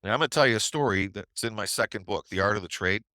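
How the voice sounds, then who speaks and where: A middle-aged man tells a trading story on a webinar in a loose, conversational way and often checks in with "right?". His voice is low and forceful. The sound is dry and close. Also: fast talker, no echo. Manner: conversational, with tag questions. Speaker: trading educator.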